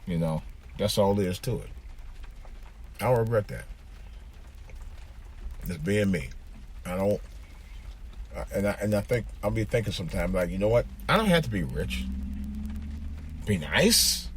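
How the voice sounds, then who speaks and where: A man's voice: on the low side, big pitch swings, a little slow, pauses often, a little hiss or hum. A man hosting his own podcast, talking casually from his car. He rambles and repeats himself, with plenty of fillers. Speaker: podcast host. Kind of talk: casual monologue. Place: in a car, driving.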